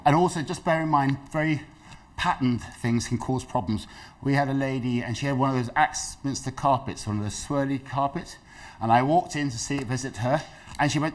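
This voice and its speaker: A man's voice: mid-range voice, fairly quick. A middle-aged man giving a dementia awareness talk, telling stories and acting out the people in them. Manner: lively storytelling, acts out quoted voices. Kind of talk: health talk to an audience.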